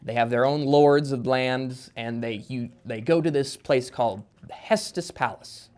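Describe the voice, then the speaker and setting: A man's voice: medium pitch, measured pace, a little mellow. Rambling man explaining with many fillers. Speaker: guest author. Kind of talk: casual podcast chat.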